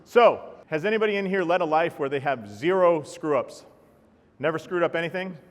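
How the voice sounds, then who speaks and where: A man giving a live talk to an audience, energetic and joking, often putting questions to the crowd. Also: on the high side, fairly quick. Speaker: speaker at a healthcare talk. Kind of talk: live keynote presentation. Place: large hall with audience. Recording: long reverb of a large hall.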